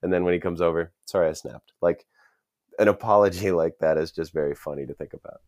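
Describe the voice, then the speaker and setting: Deep, quick male co-host, rambling slangy recap chat, dry mic. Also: a little mellow, dry recording. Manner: rambling, fast, with slangy asides. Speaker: podcast co-host. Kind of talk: casual chat recapping a TV episode.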